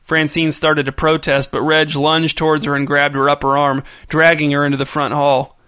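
A man narrating a story in an even, storytelling manner. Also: on the high side, normal speed, smooth, dry recording, clean studio sound. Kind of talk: audiobook narration.

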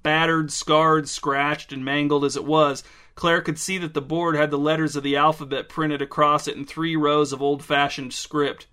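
A man narrating a story in a dry, deadpan way. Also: fairly high pitch, moderate pace, smooth.

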